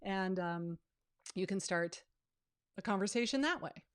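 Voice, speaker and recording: Casting: woman, 50s, friendly real estate coach, relaxed live-stream Q&A, approachable and chatty. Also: mid-range voice, measured pace, smooth. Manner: chatty, down-to-earth, conversational. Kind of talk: live online training with Q&A.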